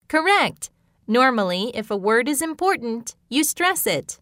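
A woman reading out classroom phrases as a pronunciation teacher, clear and deliberate. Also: a little high, lively intonation, fairly bright tone, no echo, studio quality.

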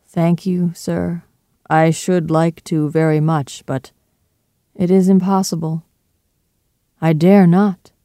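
A reader doing a faint, despairing doctor. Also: male voice, a little high, level tone, dark tone, dry recording, clean studio sound. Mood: pained. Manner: faint, drawn-out and dreary. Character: weak, despairing middle-aged male doctor. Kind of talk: storybook reading.

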